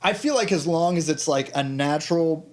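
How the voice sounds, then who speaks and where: A man's voice: on the high side, normal speed. A man with an Oklahoma accent, chatting casually as a band member on a podcast, opinionated and cussing freely. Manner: opinionated, swears freely, trails off in fillers.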